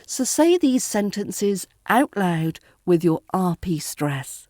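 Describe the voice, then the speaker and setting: A woman with a British RP accent teaching pronunciation in a deliberate, scripted lesson, modelling each word clearly. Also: medium pitch, very animated, mellow, no room sound, studio quality. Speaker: accent coach.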